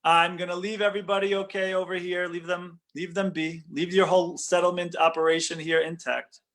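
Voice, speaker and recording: A man's voice: high-pitched, little pitch movement, fairly quick, fairly bright tone. A man doing a brash conqueror king. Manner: blustering, then gracious.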